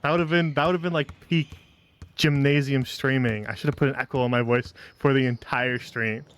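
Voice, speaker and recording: A man's voice: medium pitch, fairly even intonation, brisk. A man chatting casually on a live stream, laughing often and rambling between jokes. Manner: giggly, rambling, self-mocking.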